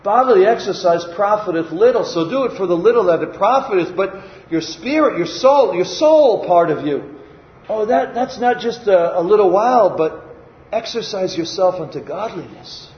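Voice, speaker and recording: An older male preacher with a high voice gives a relaxed, folksy sermon, putting questions to the congregation as he goes. The sound is roomy and echoey, a little dull, with faint ambience behind. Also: normal speed.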